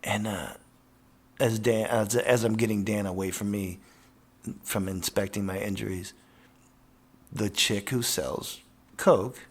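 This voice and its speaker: A professional skateboarder telling a casual, profane, rambling story with lots of fillers. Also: male voice, on the low side, steady tone, slow pace, pauses often.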